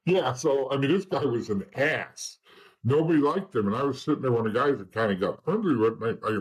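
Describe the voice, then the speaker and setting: A man's voice: medium pitch, expressive, a little fast, breathy edge, poor audio. A man guest in an interview, telling stories in blunt casual talk with swearing and acting out the dialogue of the people in them.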